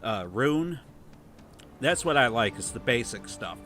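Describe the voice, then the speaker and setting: A man's voice: mid-range voice, expressive, moderate pace, bright, forceful tone, faint music behind. A man with a Toledo, Ohio accent hosting a casual gameplay livestream, chatting loosely and reading viewer comments aloud. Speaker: livestream host.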